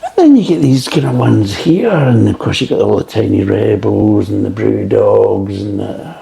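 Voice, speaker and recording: A man's voice: fairly low pitch, lively intonation, normal speed, vocal fry, warm tone. A man reviewing beer in a casual, rambling way, swearing freely and drifting off into tangents. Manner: rambling, profane, digressive.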